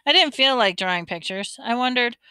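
A woman narrating a children's storybook aloud, in an expressive read-aloud manner. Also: on the high side, a little fast, clear, resonant tone, no echo. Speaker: audiobook reader.

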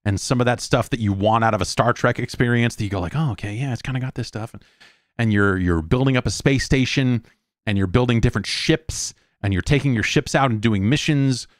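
A man's voice: medium pitch, a little fast, dry recording, clean studio sound. A man in his forties hosting a podcast, ranting casually and with exasperation, swearing often and mocking what others say. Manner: profane, exasperated, mocks in quoted voices. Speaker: podcast host.

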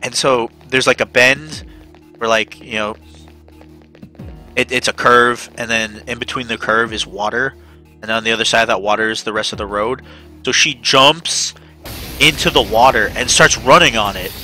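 A man streaming a game who chats casually and excitedly, swears often, and jumps into high-pitched shouts when he acts out his own reactions. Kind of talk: casual chat while gaming.

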